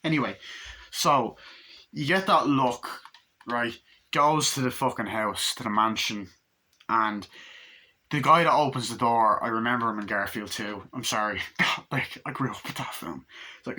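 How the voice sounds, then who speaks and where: A young man rambles through a casual movie review, hyper and swearing freely. His voice is bright and forceful at a middle pitch, and he keeps jumping from one thought to the next. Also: moderate pace. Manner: hyper, rambling, heavy swearing, acts out quotes in silly voices.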